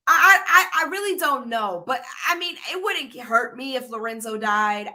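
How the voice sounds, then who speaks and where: Bright-voiced blunt woman co-host. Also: a little high. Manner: blunt, candid, laughs often. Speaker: podcast co-host. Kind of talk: casual recap chat.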